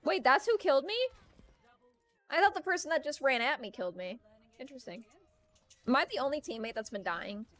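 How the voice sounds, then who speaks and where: A woman's voice: high voice, expressive, brisk, pauses often, a bit bright. A young woman chatting casually and rambling while streaming a video game, laughing often. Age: young adult. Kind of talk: casual gaming stream chat.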